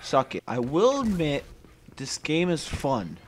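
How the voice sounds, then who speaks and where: A young man talks over his gameplay in a loose, profane stream of commentary, his pitch jumping all over the place as he gets annoyed. There's a steady hiss of noise under his voice. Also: unhurried. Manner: loud, swearing, frustrated outbursts. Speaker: gaming YouTuber.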